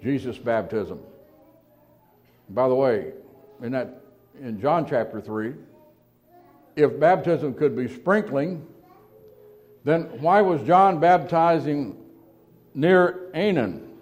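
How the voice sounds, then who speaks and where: A man preaching a sermon, asking rhetorical questions and slowing down to stress key words, with quiet asides between louder emphatic points. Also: mid-range voice, lively intonation.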